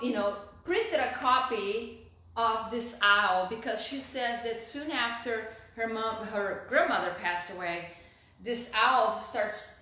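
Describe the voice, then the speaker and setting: A woman's voice: fairly high pitch, a bit bright, slight background noise. A middle-aged woman from Brazil, telling a personal story to camera in a heartfelt, rambling way full of fillers and restarts. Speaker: vlogger. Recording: very echoey room.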